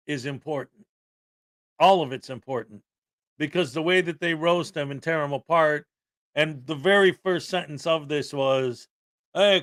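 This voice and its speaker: A male co-host chatting casually and giving his opinions as he explains a case. His voice sits a bit high with a bright, forceful edge. The sound is dry and close. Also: no echo. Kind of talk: casual commentary chat.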